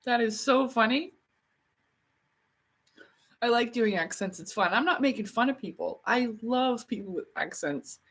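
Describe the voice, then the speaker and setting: A woman's voice: on the high side, lively intonation, moderate pace, few pauses. A woman chatting casually on a livestream, rambling and laughing often. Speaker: livestream host.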